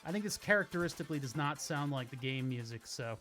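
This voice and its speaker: A man's voice: on the high side, lively intonation, fast talker, bright, forceful tone. A man chats casually while streaming a car-building game, drifting into stories as he works. His sentences wander and restart as he thinks aloud. Game music hums faintly behind him. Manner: rambling, self-interrupting storyteller. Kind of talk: casual gameplay commentary. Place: home streaming setup. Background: game music playing faintly.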